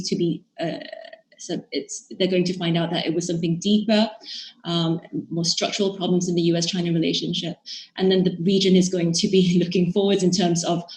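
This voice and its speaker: A woman guest expert giving measured podcast interview answers, with frequent fillers and restarts. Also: lowish voice, darkish tone, roomy sound.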